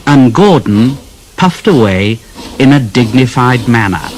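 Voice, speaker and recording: A man reading a children's storybook aloud in a slow, expressive way. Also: mid-range voice. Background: background music.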